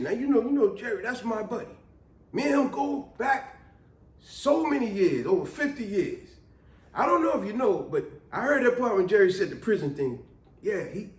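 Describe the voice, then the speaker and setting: A man voicing an old male co-worker who talks low and quietly, as if sharing a secret. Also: reverberant. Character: old male Italian co-worker, hushed and confiding.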